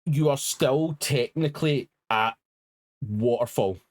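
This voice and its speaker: A man's voice: mid-range voice, slow, dry recording. A man narrating as game master, laying out the situation with hesitant fillers.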